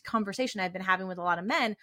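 A woman's voice: mid-range voice, racing, bright, forceful tone, dry recording, clean studio sound. A woman hosting a podcast, talking in a reflective, earnest way. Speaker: podcast host. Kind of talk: casual podcast conversation.

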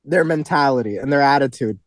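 A man's voice: mid-range voice, fairly quick, no echo. A young man and substitute teacher telling blunt, profane stories on a casual podcast, acting out what the kids said. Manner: blunt, profane storytelling, acts out kids' lines.

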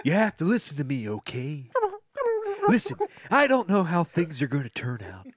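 A man's voice: a little high, very animated, moderate pace, no echo, clean studio sound. A man voicing a panicked young male hostage who phones his parents, apologizing in an overwrought, stammering way in a comedic script read-through. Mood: frantic.

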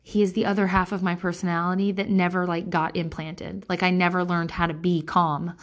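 Talking fairly quickly in a fairly low voice with little pitch movement, a woman in her thirties vlogs a candid personal monologue. She rambles with lots of fillers and restarts, swears freely, and is blunt and emotionally intense.

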